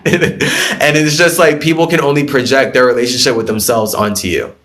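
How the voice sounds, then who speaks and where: A man's voice: mid-range voice, fairly even intonation, normal speed, a bit bright. A man hosting a spiritual live stream who talks bluntly and profanely, rambling through his ideas, answering viewer comments and breaking into laughs.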